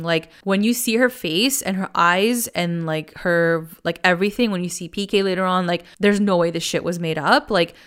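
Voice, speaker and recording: A young woman with a smooth, clear and slightly low voice chats through a reality TV recap. She fills every sentence with "like" and swears casually, as a podcast host talking loosely to her listeners. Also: fairly bright tone. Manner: chatty, says "like" constantly, swears casually.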